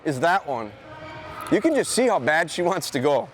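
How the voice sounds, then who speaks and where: Man dog trainer demoing to students, fairly high voice, conversational, faint noise behind. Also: big pitch swings, normal speed. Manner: conversational, explaining while giving short dog commands. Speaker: dog trainer giving a demonstration. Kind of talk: live training demonstration to students. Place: high school gym.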